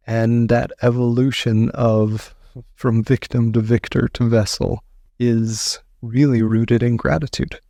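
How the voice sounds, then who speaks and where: A man's voice: mid-range voice, flat delivery, a little slow, creaky, dark tone, no room sound, clean studio sound. A man speaking as an author and podcast guest, telling his story earnestly and repeating phrases for emphasis.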